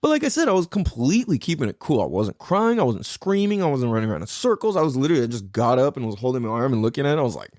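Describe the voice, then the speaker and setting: A man in his thirties tells stories on his podcast in a loose, rambling way, cursing freely and circling back when he loses his point. His pitch swings widely as he talks, and the sound is dry and close. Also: very animated, rapid-fire, hardly any pauses, a little mellow, no room sound. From California. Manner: rambling, swears a lot, loses his thread. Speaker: podcast host. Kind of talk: casual storytelling.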